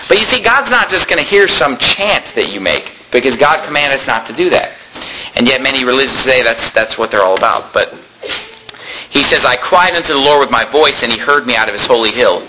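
A man preaching a sermon with emphasis, his voice rising toward near-shouting and then dropping low. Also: lively intonation, a little fast, noisy background.

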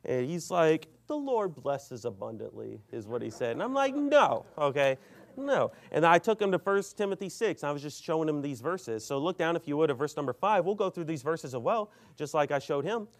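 A man preaching a sermon, telling an argument story with lively acted-out quotes and reading scripture aloud. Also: fairly high pitch, fairly quick, hardly any pauses. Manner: animated storytelling, acts out both sides of an argument; reads scripture aloud in King James wording. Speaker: pastor.

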